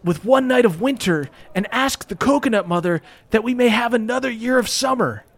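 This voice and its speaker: A man's voice: extremely high pitch, lively intonation, normal speed, voice pushed up, full character voice. A man voicing a jovial, friendly ape king at a feast, with a raised, bouncy voice. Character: jovial male ape king, Donkey Kong.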